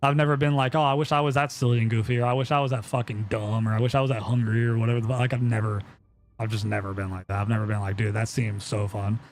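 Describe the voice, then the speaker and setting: A man's voice: mid-range voice, flat delivery, fast, a little hiss or hum. A young man chatting casually on a live stream, telling a story in a rambling way with lots of fillers and swearing.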